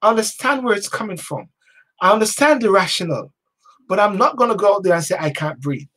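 A man hosting a talk show, giving a passionate motivational monologue in a preachy way, repeating slogans like chants and swinging from hushed to loud. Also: sits high, fast talker.

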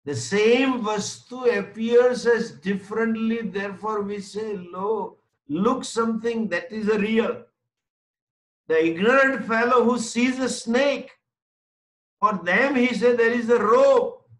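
A high-pitched man teaches a spiritual class. He rephrases each point patiently and leans on everyday stories. The sound carries a roomy echo. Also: takes it slowly, fairly bright tone. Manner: explains by repeating and rephrasing, with homely anecdotes and short laughs. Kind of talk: Vedanta lecture to a class.

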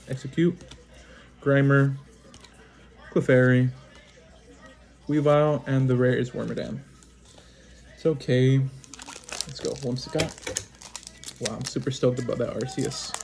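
A man giving casual unboxing commentary as he opens trading card packs, reading off cards one by one and breaking into excited exclamations and quick apologies. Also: mid-range voice, a little hiss or hum. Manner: names cards one after another, bursts into excited exclamations, apologizes often. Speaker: trading card pack opener.

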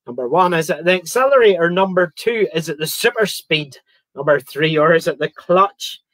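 Chatty man hosting a live quiz, fairly high voice, close dry mic, banters with viewers. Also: lively intonation, normal speed, fairly bright tone, no room sound. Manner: chatty, reads out viewer comments and jokes around. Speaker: quiz host. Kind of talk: live-streamed quiz chat.

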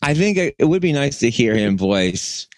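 A man's voice: medium pitch, sing-song, moderate pace, no room sound. A man co-hosting a podcast, chatting casually and rambling with many restarts. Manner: rambling, lots of restarts and fillers. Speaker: podcast co-host. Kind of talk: casual chat.

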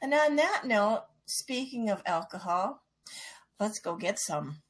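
A woman podcast host telling an anecdote in a casual, animated way, laughing often as she goes. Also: medium pitch, slow pace, slight background noise. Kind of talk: casual storytelling.

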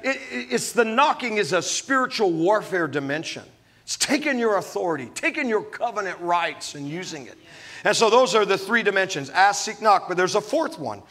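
Male pastor, animated preaching, quick jokes, high, ringing voice. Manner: animated preaching with humorous asides. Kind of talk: sermon.

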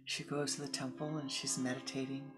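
A woman spiritual teacher telling a parable in a dharma talk, animated and dropping often into hushed whispered asides. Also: extremely low pitch, fairly quick, loud music behind the voice, rough recording.

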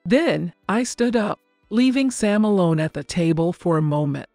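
An older woman narrating a first-person family story in a calm, even, scripted storytelling delivery. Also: on the low side, normal speed, no echo. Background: faint background music.

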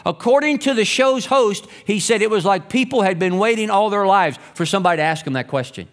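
A man preaching a church sermon in a high, light voice. He reads scripture and quotes with emphatic rises, then drops to quiet, low lines for weight. His delivery swings between urgent and hushed. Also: brisk. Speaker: pastor.

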